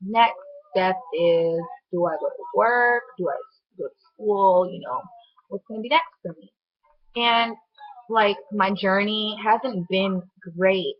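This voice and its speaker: A young woman telling a personal story to camera in a chatty, animated way, full of "like" fillers. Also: mid-range voice, slow. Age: young adult. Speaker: vlogger. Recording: dull lo-fi sound.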